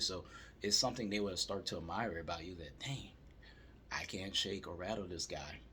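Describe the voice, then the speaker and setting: A man calmly telling a story as he gives dating advice to male viewers. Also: deep voice, a little hiss or hum. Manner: calm, steady storytelling.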